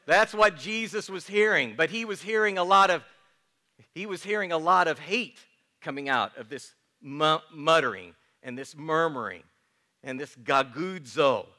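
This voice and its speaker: A man preaching a sermon as pastor, emphatic, dropping to soft hushed passages. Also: on the high side, animated, moderate pace.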